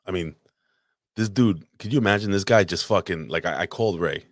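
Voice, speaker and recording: A man's voice: sits low, fairly quick, no echo, studio quality. A man co-hosting a podcast, telling a long story in crude, rambling casual chat with frequent restarts. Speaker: podcast co-host. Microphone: podcast microphone.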